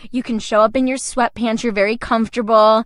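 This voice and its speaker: A woman's voice: fairly high pitch, fairly even intonation, fairly quick, dry recording, clean studio sound. A young adult woman, a voice actor, telling stories in a casual interview and laughing often. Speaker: voice actor guest.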